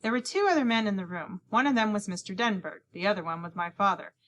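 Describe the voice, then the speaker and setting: A woman's voice: medium pitch, fast, a bit bright. A woman reading a children's novel aloud, narrating as a young boy and acting out the other characters' lines. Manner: reads in a boy's first-person voice, acting out each character's lines. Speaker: audiobook narrator. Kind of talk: scripted narration.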